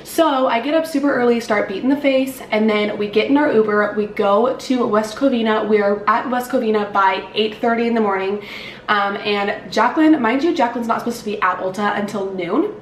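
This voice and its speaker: A woman's voice: a little high, a little fast, recorded from a distance, a little hiss or hum. A young woman in her twenties telling a story on her vlog in a casual, upbeat way, with lots of "like" and fillers. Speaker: beauty vlogger. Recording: roomy echo, slightly off-mic, faint ambience.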